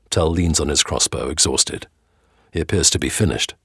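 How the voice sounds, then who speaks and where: A man narrating a dramatic audio storybook with expressive storytelling. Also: extremely low pitch, normal speed, gravelly, husky, no echo, clean studio sound.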